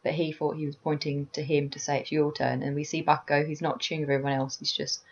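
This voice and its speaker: A woman co-hosting a podcast, chatting in a relaxed way with wry asides. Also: low voice, quick pace, lo-fi sound. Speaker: podcast co-host. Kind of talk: casual anime discussion.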